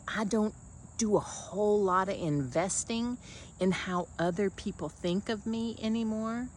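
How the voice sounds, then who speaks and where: A woman's voice: mid-range voice, a little hiss or hum. A woman coaching in a casual motivational monologue, blunt and folksy, calling the listener honey.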